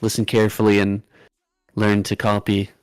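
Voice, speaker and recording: A man's voice: on the low side, monotone, normal speed, clean tone, no echo. A man casting games, chatting in an easygoing, self-mocking way. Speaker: game caster. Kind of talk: casual chat during a stream.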